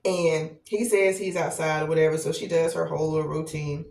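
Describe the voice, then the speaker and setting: A woman in her thirties, a podcast host telling a long personal story in a casual, animated way, repeating herself as she goes. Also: deep voice, gravelly. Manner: animated, conversational, drawn-out repetitions. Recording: roomy echo, distant from mic.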